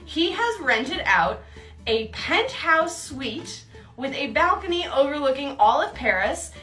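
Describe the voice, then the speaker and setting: A woman's voice: high voice, sing-song, takes it slowly, pushed and bright, roomy sound. A young woman telling a personal story in a chatty way, laughing often and acting out her own thoughts. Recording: distant mic with faint music.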